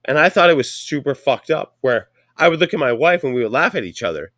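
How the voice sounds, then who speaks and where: Bright, profane Canadian man telling stories. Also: mid-range voice, animated, quick pace, dry recording, clean studio sound. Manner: profane, rambling storytelling. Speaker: podcast host. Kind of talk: casual chat.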